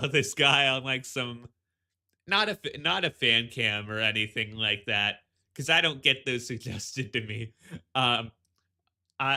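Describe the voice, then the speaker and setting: A man's voice: medium pitch, pushed and bright, clean tone. A man streaming a game, chatting casually and rambling with lots of restarts and laughs. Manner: rambling, full of fillers and restarts, laughing often.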